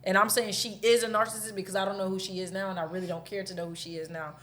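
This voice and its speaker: A woman's voice: mid-range voice, flat delivery, racing, a bit bright. A woman in her thirties, a podcast co-host, telling a breakup story candidly in casual chat and swearing freely.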